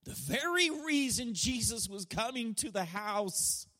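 A middle-aged pastor preaching with a high, bright-edged male voice. He tells a personal story with feeling, rising to loud declarations and dropping to near-hushed passages. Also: expressive, a little slow. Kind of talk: sermon.

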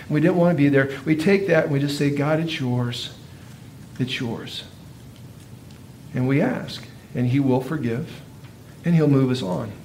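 Man preaching in a relaxed, chatty way. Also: a little high, a little hiss or hum. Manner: conversational teaching with rhetorical questions. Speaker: pastor. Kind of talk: sermon.

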